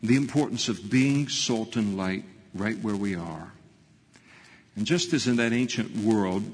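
Emphatic husky preacher in a hall. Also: male voice, mid-range voice, fairly bright tone. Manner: emphatic, repeats key phrases for weight. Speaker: pastor. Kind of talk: sermon. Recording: long reverb in a large hall.

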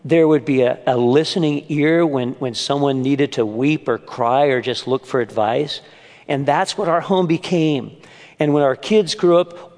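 A man's voice: on the high side, darkish tone. An older man preaching to a men's gathering at church, earnest and mixing in humorous family stories. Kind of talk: sermon. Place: church meeting room. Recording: long hall reverb.

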